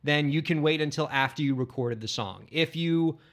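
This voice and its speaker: A man's voice: on the high side, moderate pace, a bit bright. A man co-hosting a casual podcast, explaining things plainly and bantering with his co-host.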